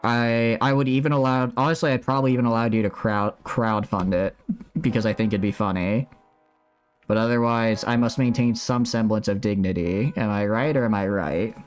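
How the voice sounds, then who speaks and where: A man's voice: on the low side, fairly even intonation, moderate pace, faint music behind. A man streaming live from home, chatting casually and reacting to his chat while he builds a model kit.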